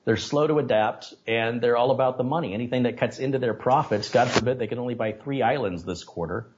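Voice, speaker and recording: A man being interviewed on a podcast, telling stories and making animated, opinionated points. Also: mid-range voice, fast talker, muffled recording, slight background noise. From United States. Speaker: guest, tech video maker.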